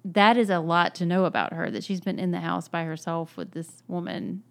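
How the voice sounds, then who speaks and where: A woman's voice: on the low side, steady tone, moderate pace. A woman co-hosting a podcast, chatting casually about a novel's characters. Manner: chatty, acts out quoted characters. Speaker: podcast co-host. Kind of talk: casual book discussion.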